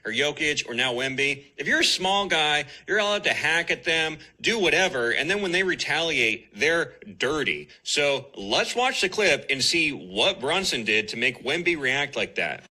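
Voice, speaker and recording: A man giving an animated commentary breakdown of a basketball clip. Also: on the high side, normal speed, hardly any pauses, rough recording.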